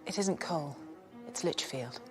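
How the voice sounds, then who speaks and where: An actress playing a quiet, guarded young woman with a troubled family past, speaking softly and hesitantly, often half-whispering. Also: sits low, very animated, normal speed, over music.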